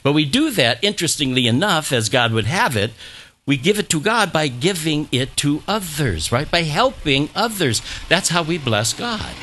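A middle-aged man preaches to his congregation in a relaxed, conversational way. His voice is bright and forward, and it swings widely up and down as he repeats phrases for emphasis and has the listeners say words back to him. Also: a little high, moderate pace, a little hiss or hum. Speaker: pastor. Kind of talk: sermon.

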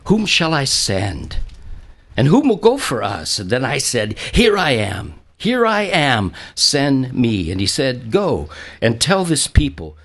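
Animated man preaching a lively sermon. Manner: animated, acts out quotes with a jumping pitch; stammering restarts, chuckles now and then. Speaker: pastor. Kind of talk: sermon with scripture reading.

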